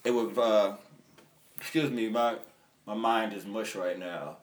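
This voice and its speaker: A man's voice: fairly low pitch, measured pace. A young man on a podcast, chatting casually and telling loose stories from touring, laughing often and acting out his friends' lines. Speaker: touring musician.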